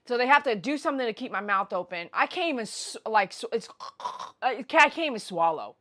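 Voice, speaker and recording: Bright-voiced animated woman telling a story. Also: a little high, brisk. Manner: animated, loud bursts, blunt and slangy. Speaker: pet groomer host. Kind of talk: casual livestream storytelling. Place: grooming shop.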